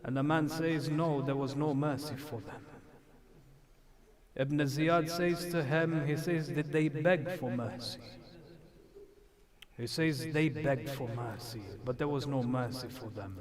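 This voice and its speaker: A man's voice: mid-range voice, slow, a crowd in the background. A man giving an emotional sermon in a mosque, telling a story with rising intensity when he quotes others, with frequent hesitations. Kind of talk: emotional religious sermon narration.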